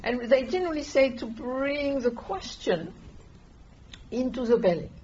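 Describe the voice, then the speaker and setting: A woman, gently guiding a meditation class in an unhurried, soft-spoken way. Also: high-pitched, expressive. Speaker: meditation teacher. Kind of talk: calm meditation instruction. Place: meditation hall with listeners. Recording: dull lo-fi room recording with faint hiss.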